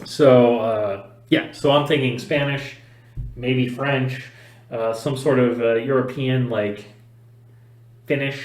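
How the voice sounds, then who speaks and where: A man's voice: mid-range voice, steady tone, takes it slowly. A man co-hosting a podcast in casual chat, hesitant with many fillers and jokes. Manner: hesitant, filler-heavy, joking. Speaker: podcast co-host. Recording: echoey room.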